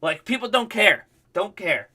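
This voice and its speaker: A man's voice: sits high, sing-song, unhurried, sharp tone. A male livestream host telling a rambling, profane story in casual chat.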